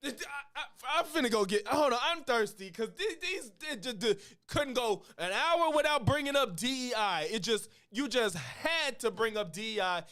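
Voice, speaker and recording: A man reacting to a podcast on a live stream, talking with a high, lively voice. He thinks out loud, stops and restarts, and uses a lot of slang. His tone is casual and relaxed throughout. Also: moderate pace, few pauses, no room sound, clean studio sound.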